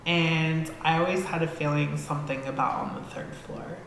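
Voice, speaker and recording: Gravelly woman telling a story. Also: deep voice, normal speed. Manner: animated, swears freely, reenacts scenes. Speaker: podcast guest. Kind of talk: casual storytelling. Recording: echoey hall-like room with faint noise.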